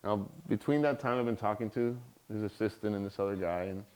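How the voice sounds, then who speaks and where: Low-voiced man telling a story in a lecture. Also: fairly quick, clean tone. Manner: animated, acts out quoted voices. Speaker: guest lecturer.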